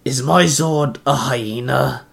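A man voicing a gruff male Duke Orc warrior who barks and growls his lines. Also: medium pitch, takes it slowly.

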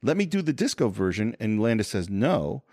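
A man co-hosting a film podcast, retelling scenes with a lively voice that rises and falls a lot. His voice sounds dry and close, with no room around it. He acts out the quotes as he goes. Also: lowish voice, moderate pace, no echo. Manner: animated retelling, acting out quotes. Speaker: podcast co-host. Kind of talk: casual film discussion.

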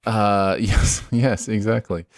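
A man's voice: lowish voice, steady tone, takes it slowly, no room sound, clean studio sound. An American man hosting a casual podcast conversation, easygoing and full of "uh" and "um" as he steers the talk. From United States. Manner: easygoing, filler-heavy, leads the talk. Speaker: podcast host. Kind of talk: casual chat.

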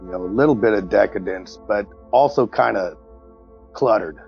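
A man's voice: fairly low pitch, normal speed, vocal fry, husky, lo-fi sound, soft background music. A man playing a tabletop role-playing game, describing scenes casually and rambling with fillers. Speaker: tabletop player. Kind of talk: improvised role-play narration.

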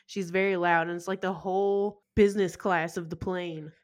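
A woman's voice: on the low side, steady tone, normal speed. A woman co-hosting a podcast, chatting casually about a film with blunt emphasis and casual swearing. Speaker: podcast co-host. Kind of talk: casual film-recap chat.

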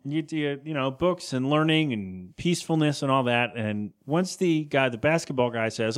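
A man's voice: medium pitch, moderate pace, hardly any pauses, smooth. A man co-hosting a podcast, chatting casually as he recaps a cartoon episode, rambling and laughing often. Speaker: podcast co-host.

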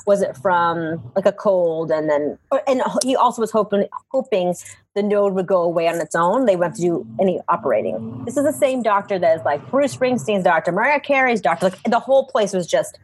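A woman, a comedian guest and mother, telling a story in casual, animated comedic chat. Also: medium pitch, fairly quick, slight background noise. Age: adult with young children. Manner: animated, acts out people in her stories.

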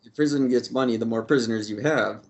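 A man's voice: medium pitch, fast talker. A man co-hosting a casual chat over a video call, dropping wry quips. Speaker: podcast co-host.

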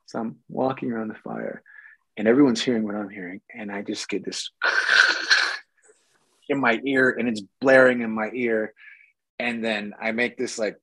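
A man, an actor, telling a casual behind-the-scenes anecdote in an animated way and acting out the dialogue. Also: mid-range voice, a little slow, no room sound, rough recording. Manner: animated storyteller, acts out quoted dialogue. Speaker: actor guest.

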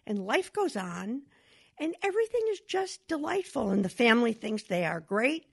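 A woman giving a talk, telling an illustrative story with animated storytelling. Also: on the high side, moderate pace, creaky, husky. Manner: animated storyteller, wide swings in voice. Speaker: speaker on domestic violence. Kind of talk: storytelling lecture.

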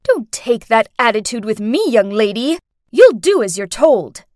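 A woman's voice: mid-range voice, very animated, unhurried, darkish tone, no room sound, studio quality. A woman voicing a stern, bossy middle-aged mother who scolds her daughter. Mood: scolding. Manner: scolding, commanding.

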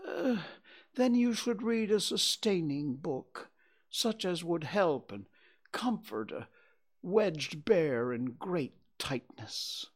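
A man's voice: high-pitched, pitched above the performer's own voice, full character voice. A man doing Winnie the Pooh, an anxious stuck bear. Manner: slow, anxious, gloomy. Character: gentle, plump, anxious teddy bear.

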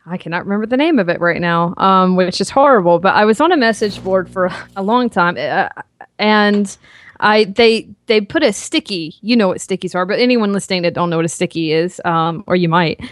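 A woman with a softened Southern US accent, talking as a guest on a podcast, rambling with many fillers and restarts. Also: medium pitch, lively intonation, normal speed, no echo. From American South. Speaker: guest, author and fitness coach. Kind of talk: casual podcast interview. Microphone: podcast microphone.

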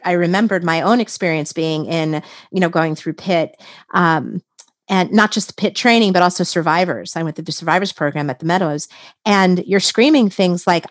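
A woman's voice: fairly low pitch, dry recording. A woman hosting a podcast interview, engaged and prompting her guest, clarifying points for listeners. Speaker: podcast host. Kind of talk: conversational interview.

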